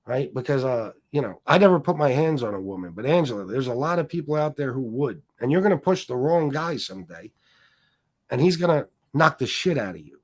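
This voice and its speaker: Hosting a livestream, this man rants aggressively and curses constantly while mocking the people who criticize him. His voice sits in the mid range, lively and a bit quick.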